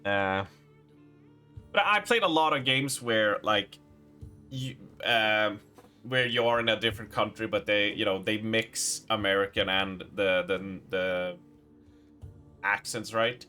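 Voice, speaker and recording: A man's voice: on the low side, takes it slowly, long pauses, bright, forceful tone, clean tone, faint music behind. A man streaming a game live, chatting with his viewers and reading the game's letters and notes aloud.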